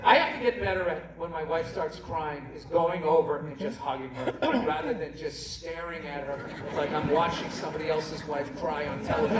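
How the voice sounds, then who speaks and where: A man doing a stand-up comedy routine, ranting and cursing as he acts out arguments with his wife and shouts the punchlines. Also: fairly high pitch, a little fast, hardly any pauses, heavy background noise. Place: comedy venue stage. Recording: echoey venue, distant mic, loud crowd. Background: audience laughter.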